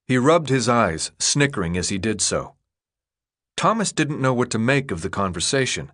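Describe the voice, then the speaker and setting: A male audiobook narrator reading with steady, expressive delivery. His pitch sits mid-range but moves in lively swings through each sentence. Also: normal speed. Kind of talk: scripted narration.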